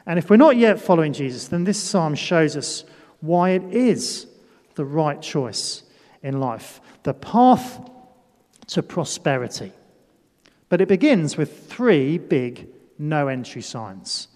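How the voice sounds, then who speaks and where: A man's voice: on the high side, big pitch swings, takes it slowly, a little mellow. A man preaching a sermon with a children's demonstration in a church hall. He talks playfully, pokes fun at himself and calls up volunteers.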